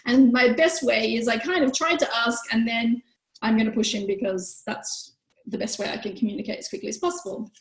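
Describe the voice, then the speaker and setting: A woman's voice: fairly even intonation, a little fast. A woman, teaching a parenting workshop in a chatty way and acting out quoted lines. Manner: chatty, acts out quoted lines in higher voices. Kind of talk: online workshop talk. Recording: echoey room.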